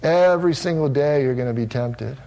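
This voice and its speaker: A man's voice: mid-range voice, fairly quick, vocal fry, mellow. A man preaching a sermon, earnest and emphatic, often restarting his phrases as he works through a psalm verse by verse. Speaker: pastor.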